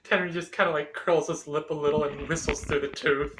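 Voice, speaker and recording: A man's voice: a little high, steady tone, fairly quick, noisy background. A man playing a tabletop game, talking hesitantly with lots of fillers. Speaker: player. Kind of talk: casual tabletop role-play chat.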